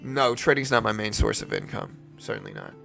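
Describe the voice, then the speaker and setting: A man's voice: fairly low pitch, huge pitch swings, fairly quick, creaky, fairly bright tone, soft background music. A young man from Louisiana with a slight Louisiana accent, casually hosting a trading livestream and answering chat questions. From Louisiana, USA. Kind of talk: casual live-stream commentary.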